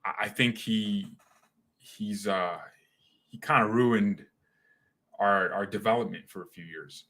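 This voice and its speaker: A young man hosting a casual fan livestream, talking in an animated, slangy, excitable way. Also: lowish voice, slow. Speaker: fan channel host.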